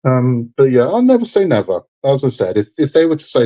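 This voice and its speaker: A man's voice: mid-range voice, sing-song, a little fast, hardly any pauses, dark tone. Tired, rambling man chatting live. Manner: rambling, frank, repeats himself. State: tired, under the weather. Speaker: livestream host building a model kit. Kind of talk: casual live-stream chat.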